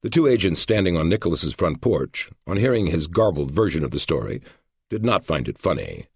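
A man reading a book aloud in a measured storytelling manner. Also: low voice, big pitch swings, gravelly, slightly rough, no echo, clean studio sound. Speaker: audiobook narrator. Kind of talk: scripted narration.

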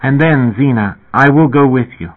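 A man with a husky voice voicing an impassive boy with god-like foreknowledge who speaks in a measured, solemn way. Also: medium pitch, voice pushed up, natural voice. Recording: tinny phone-like sound.

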